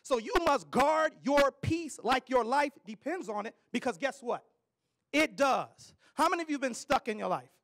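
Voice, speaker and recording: A man preaching a sermon to a live audience, using call-and-response and building up to loud declarations. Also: very high-pitched, lively intonation, moderate pace. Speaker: preacher and ministry leader.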